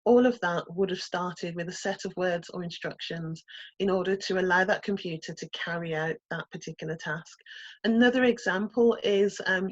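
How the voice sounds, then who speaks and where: A woman's voice: fairly low pitch, no echo, dull audio. A woman with a Birmingham accent teaching an introductory coding workshop over a video call, explaining terms with many "um"s and "okay?" checks. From Birmingham, England. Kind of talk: online teaching presentation.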